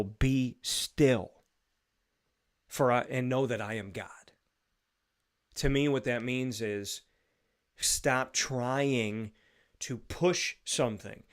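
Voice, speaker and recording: A male show host giving an earnest, repetitive spoken reflection on faith, building to animated bursts. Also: mid-range voice.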